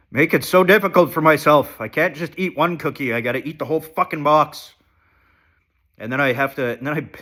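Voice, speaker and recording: A man with stuffed-up sinuses talks into a phone held in his own hand, sick and trembling. He rambles in a casual, sweary, self-mocking way, and his pitch sits in a middling range. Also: sharp tone. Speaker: vlogger. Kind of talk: casual confessional vlog. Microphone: handheld phone.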